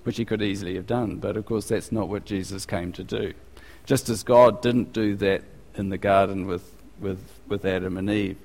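A man's voice: low voice, fairly even intonation, moderate pace, a little mellow, long reverb tail. A man preaching a sermon in a conversational way, often restarting his sentences and acting out scenes.

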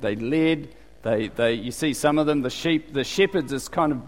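A male preacher with a New Zealand accent gives a chatty, conversational sermon and keeps asking his listeners questions. His voice sits at an ordinary pitch, neither high nor low. The room has a long, hall-like reverb. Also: normal speed, a little hiss or hum. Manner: chatty, asks the congregation questions.

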